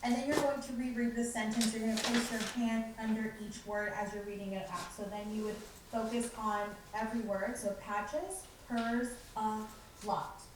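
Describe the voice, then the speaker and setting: A woman's voice: a little high, little pitch movement, fairly quick, hardly any pauses. A woman presenting a preschool curriculum to teachers, explaining steps and modeling how to speak to a class. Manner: modeling lines in a bright teacher voice. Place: school library. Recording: echoey room, distant mic, faint noise.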